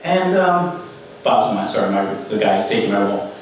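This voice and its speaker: A middle-aged man speaking at a conference, chatty and animated as he tells his story. His voice sits at an ordinary pitch. The very echoey hall and his distance from the mic make him sound far off, over a faint room hum. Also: moderate pace. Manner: conversational, animated retelling with quoted voices. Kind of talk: storytelling talk.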